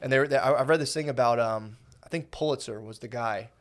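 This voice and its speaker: A man's voice: medium pitch, brisk. A man co-hosting a podcast in casual chat, rambling with lots of fillers, swearing and quoting people in mock voices. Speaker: podcast co-host.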